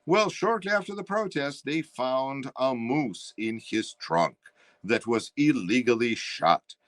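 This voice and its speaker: A man's voice: mid-range voice, lively intonation, slow pace, a bit bright, no room sound. A man with a Russian accent, talking as an interview guest in a loose, rambling way, full of fillers and restarts. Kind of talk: casual interview talk.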